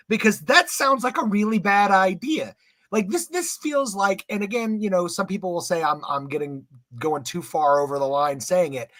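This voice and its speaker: A man's voice: sits high, sharp tone, no echo, clean studio sound. A man co-hosting a podcast, sarcastic and mocking in casual political chat.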